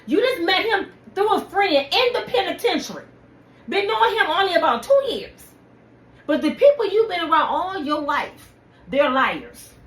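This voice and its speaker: Heated, preachy woman with a lively high voice. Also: normal speed. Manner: heated, preachy, addresses viewers directly. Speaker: channel host. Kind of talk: impassioned personal rant to camera. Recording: echoey room with faint ambient noise.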